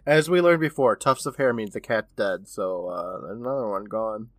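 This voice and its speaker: A man's voice: on the low side, normal speed, fairly bright tone, no room sound. A man co-hosting a podcast, reading a friendly outro and bantering casually. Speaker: podcast co-host.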